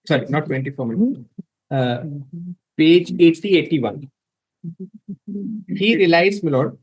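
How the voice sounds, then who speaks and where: Male advocate, formal courtroom pleading, deferential yet emphatic, slightly high voice. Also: animated, a little slow, darkish tone, poor audio. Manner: deferential, repeatedly saying my lord; emphatic, reads passages from documents.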